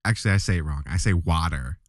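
A man with a lowish voice, co-hosting a podcast in a bantering, mock-indignant way. His pitch swings widely as he argues. The sound is dry and close to the mic. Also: animated, normal speed, darkish tone, no echo. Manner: playfully argumentative, mock indignant. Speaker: podcast co-host. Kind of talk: casual banter.

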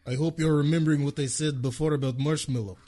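A man's voice: on the high side, fairly even intonation, quick pace, warm tone. A man co-hosting a casual movie watch-along, joking around and laughing a lot. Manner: jokey, playful, laughs a lot. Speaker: movie commentary co-host. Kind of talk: casual chat.

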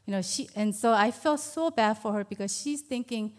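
Speaking at normal speed in a mid-range voice, a woman in her fifties tells her church testimony about adoptive motherhood. Her manner is earnest and conversational, sprinkled with many fillers.

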